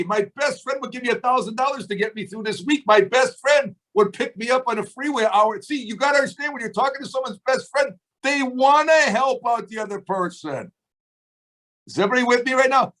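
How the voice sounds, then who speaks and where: A man with a fairly high voice leads a team meeting over a video call. He teaches in an emphatic, motivational way, throwing rhetorical questions at his listeners and acting out both sides of phone calls. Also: a little fast, a bit bright. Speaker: business trainer on a team call. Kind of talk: motivational coaching talk.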